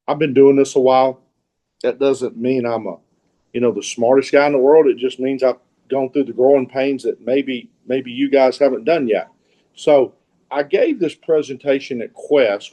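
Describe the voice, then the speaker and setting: A middle-aged man with a Southern accent talks through an informal online presentation. His voice is mellow and relaxed, and his pitch sits in the middle of the male range. He rambles in a folksy way, restarting sentences and doubling up on words. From Mississippi. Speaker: guest speaker, real estate investor.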